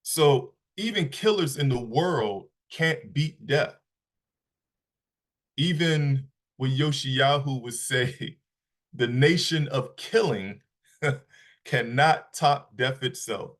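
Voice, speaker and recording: Slow, halting man teaching scripture. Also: mid-range voice. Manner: halting, repeats words, reads scripture aloud slowly. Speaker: Bible teacher. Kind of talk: Shabbat Bible lesson.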